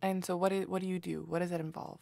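Quick-talking young woman with a gravelly edge. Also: fairly low pitch, level tone, a little mellow, no echo. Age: 20s. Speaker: interviewer. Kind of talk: oral history interview questions.

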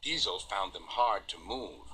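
A man narrating a children's story with an expressive, measured reading. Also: deep voice, a little hiss or hum.

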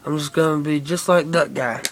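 Fairly high-pitched and steady, this young man's voice moves along quite quickly as he chats to his camera. He's a vlogger rambling casually, cursing and leaning on fillers, with slight background noise present.

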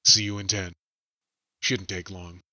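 A man doing a gruff resigned space engineer, bright, distant security recording. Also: lowish voice, unhurried. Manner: quiet, wavering resolve.

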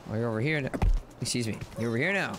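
A man giving excitable let's play commentary, yelling and cooing at the game in playful baby talk. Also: mid-range voice, very fast. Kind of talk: gameplay commentary. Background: game music.

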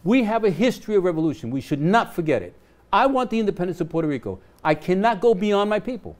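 A man's voice: high-pitched, very animated, fast talker. A man in his seventies, a guest on a studio talk show, speaking passionately and urging listeners directly. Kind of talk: passionate conversation. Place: television studio.

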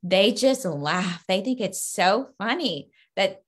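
A woman from Louisiana, a children's book author, giving earnest, upbeat interview answers over a video call with lively bursts in her stories. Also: medium pitch, slow, husky.

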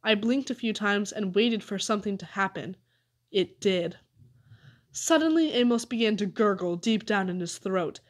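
A woman narrating a children's story aloud with an expressive reading. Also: medium pitch, normal speed. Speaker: audiobook reader.

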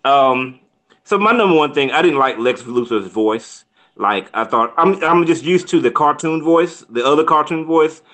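A man's voice: fairly high pitch, expressive, moderate pace, a bit bright. A man co-hosting a casual film review chat, rambling with restarts and laughing often.

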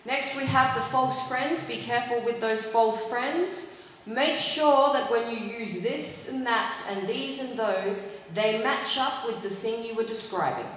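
A woman English teacher giving students clear, instructive advice on oral exams, often checking in with "okay?". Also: fairly high pitch, measured pace, a bit bright. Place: large hall with an audience. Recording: echoey hall, faint noise.

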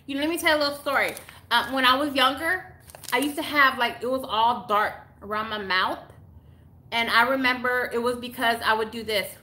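A woman's voice: a little high, bright, forceful tone. A woman from Texas, gushing casually as she unboxes mail on a live stream. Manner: gushing, exclamatory, chatty, with gasps and laughs. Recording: echoey room.

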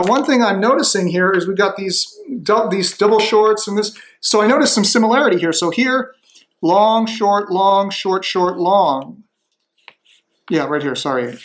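Musing man, slightly high voice. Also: fairly bright tone. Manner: tentative and musing, with many restarts. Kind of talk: thinking-aloud demonstration.

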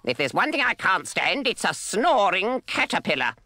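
A man voicing a nasty, bossy witch woman for a storybook record, speaking in a sharp, snappy, spiteful way. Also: sits high, big pitch swings, moderate pace, no room sound, pitched above the performer's own voice, full character voice.

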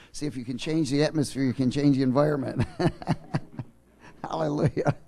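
Male pastor, slightly high voice, jokey sermon that builds to fervent shouting. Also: slow pace, gravelly. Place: church.

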